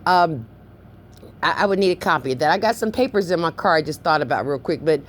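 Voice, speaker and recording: Lady on a phone call, kinda low voice, insistent, keeps repeating herself, bit emotional. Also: animated, fast, slight background noise. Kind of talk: heated phone complaint.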